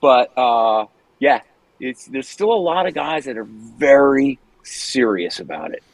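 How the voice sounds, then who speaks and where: A man's voice: medium pitch, animated, a little slow, dry recording, rough recording. A man speaking as the guest in a casual interview, telling stories, swearing freely and laughing often. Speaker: guest singer.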